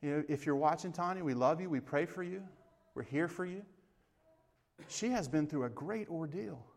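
Male pastor, higher-pitched voice, earnest sermon delivery that rises to passionate emphasis. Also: lively intonation, moderate pace, gravelly. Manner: earnest, builds to impassioned emphasis; quotes scripture with verse references.

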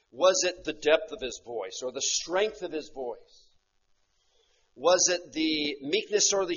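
A man preaching an expository sermon, slowing on key phrases and often tagging rhetorical questions onto his points. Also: mid-range voice, fairly bright tone, husky. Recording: muffled lo-fi recording.

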